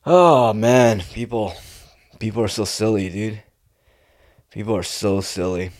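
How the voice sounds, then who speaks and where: Young man, casual rambling monologue, laid-back, says dude a lot, lowish voice, dry close sound. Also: unhurried, darkish tone, no room sound. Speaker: vlogger.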